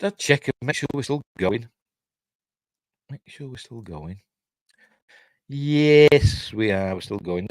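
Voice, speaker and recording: An older man with a Yorkshire accent reads entertainment news on his live stream, drifting into chatty, self-mocking asides. His voice sits fairly low but rises and falls a lot. The sound is dry and close. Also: no room sound. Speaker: host reading entertainment news.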